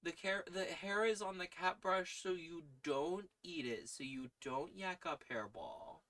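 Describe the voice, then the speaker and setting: A man's voice: sits high, measured pace, fairly bright tone. Playful man chatting to his cats. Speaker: podcast host reading old stories aloud. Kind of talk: casual chat on a live stream.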